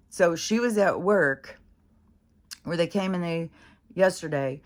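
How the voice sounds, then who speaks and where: Woman with a low voice, rambling and swearing, exasperated casual rant. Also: measured pace. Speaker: vlogger. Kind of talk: casual ranting monologue.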